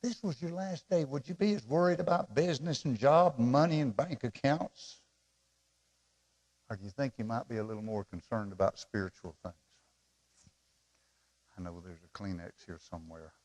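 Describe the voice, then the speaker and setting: Loud appeals alternate with gentle asides as a middle-aged pastor preaches an emotional, pleading sermon. His mid-range voice is expressive and moves fairly quickly.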